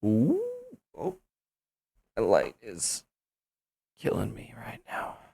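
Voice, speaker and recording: A low-voiced man talks casually to himself while he tests voice effects. His voice carries a gravelly fry, and he mutters his reactions slowly. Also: wildly swooping pitch, dark tone, no echo. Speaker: channel host.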